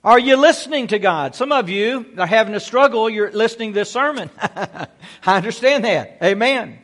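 Bright-voiced, high-pitched preacher. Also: male voice, expressive, moderate pace, long reverb tail. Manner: exhorting, peppered with "amen" and rhetorical questions. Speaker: pastor. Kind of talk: sermon.

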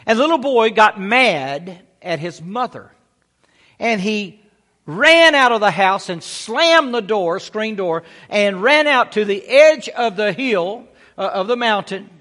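A man's voice: high voice, expressive, slow, pushed and bright, big-room sound. A male pastor preaching a sermon, exhorting his listeners with rhetorical questions and frequent "amen" calls.

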